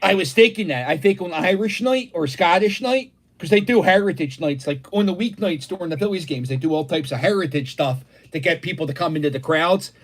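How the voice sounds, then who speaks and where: A man's voice: fairly high pitch, fairly quick, hardly any pauses. A man hosting a casual live stream from his dining room, brash and crude, joking as he talks. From Philadelphia, USA. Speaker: livestream host. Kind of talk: casual chat.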